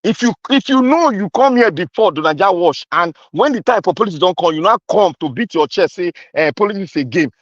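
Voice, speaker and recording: A man's voice: sits high, lively intonation, fairly quick, few pauses, no room sound, lo-fi sound. A man with a Nigerian accent delivering an angry, accusing political rant, repeating himself and slipping into pidgin. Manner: mixes in pidgin. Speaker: commentator.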